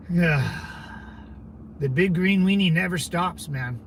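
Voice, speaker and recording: A man's voice: on the high side, takes it slowly, long pauses, slight background noise. A man in his thirties, a Marine veteran hosting his own channel, chatting casually with lots of profanity and fillers as he drifts from topic to topic. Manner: loose, profane, digressive talk with frequent fillers. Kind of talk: rambling casual livestream chat.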